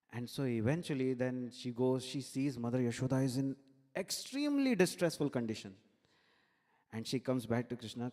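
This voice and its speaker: A man giving a devotional sermon at a temple, telling a sacred story in an animated way and laughing along with it. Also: mid-range voice, normal speed. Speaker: temple speaker. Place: temple hall. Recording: long hall reverb.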